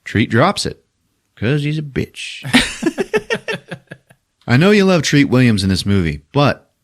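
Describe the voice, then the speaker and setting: A man hosting a podcast, retelling a movie plot in a loose, profane, animated way and laughing at his own jokes. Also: mid-range voice, moderate pace. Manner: profane, animated retelling with sudden character voices. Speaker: podcast host. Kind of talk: casual movie recap.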